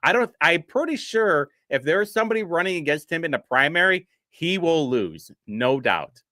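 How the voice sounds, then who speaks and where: Give me a young man riffing on a live stream, mocking and rambling with frequent laughter. His pitch sits a bit high and swings widely. The sound is dry and close. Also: very animated, normal speed, bright, forceful tone, dry recording. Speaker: streamer host. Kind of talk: casual live-stream commentary.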